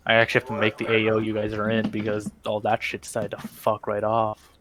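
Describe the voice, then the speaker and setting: A man on team comms explaining things in a quick, offhand and profane way. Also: on the low side, completely flat delivery, background noise.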